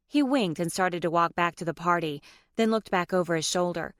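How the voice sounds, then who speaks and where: A woman reads a romance audiobook in steady narration. Her voice is low and the recording is dry and close. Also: normal speed, no room sound. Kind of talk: scripted narration.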